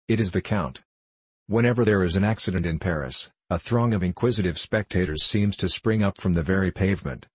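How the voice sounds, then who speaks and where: A man reading a classic novel aloud as an audiobook narrator, in a measured, even manner. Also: sits low, slightly rough, dry recording. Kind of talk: scripted narration.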